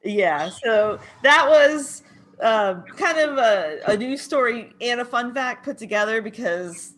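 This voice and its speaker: A woman's voice: on the high side, lively intonation, slow, fairly bright tone. A woman hosting a radio show, sharing a news item in a chatty, giggly way and stumbling over hard words. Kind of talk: casual on-air chat.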